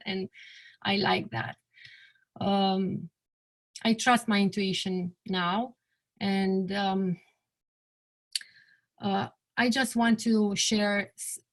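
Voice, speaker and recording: A woman in her forties, a bereaved mother giving an earnest personal testimony. She often pauses, restarts, and lets her sentences trail off quietly. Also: medium pitch.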